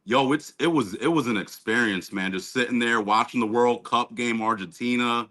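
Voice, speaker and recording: Animated man telling a story in slang. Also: mid-range voice, moderate pace. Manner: animated, street slang, many fillers. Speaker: guest. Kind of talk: casual storytelling.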